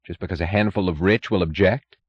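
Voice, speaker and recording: A man's voice: sits low, a little fast, slightly rough, highs cut off. A man reading an audiobook, voicing a smug middle-aged bureaucrat who preaches in an oily, sanctimonious manner. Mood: preachy.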